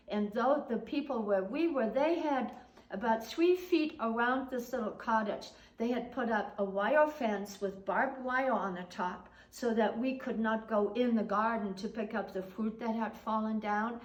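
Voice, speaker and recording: An older woman recounting a childhood memory in a conversational way, her voice often trailing off quietly. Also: a little high, unhurried. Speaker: storyteller. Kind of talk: oral history storytelling. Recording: roomy echo.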